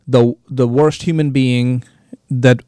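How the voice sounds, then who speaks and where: A male podcast host in casual studio talk, speaking at a middle pitch. His delivery is animated and he slips into quoted crowd voices. The sound is dry and close to the mic. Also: takes it slowly, clear, resonant tone, no echo.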